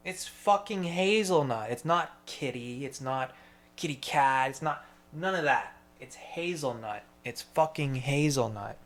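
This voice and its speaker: A man's voice: mid-range voice, a little slow, a bit bright. A man in a rambling solo monologue, swearing freely and talking to himself. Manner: profane, meandering, talks to himself.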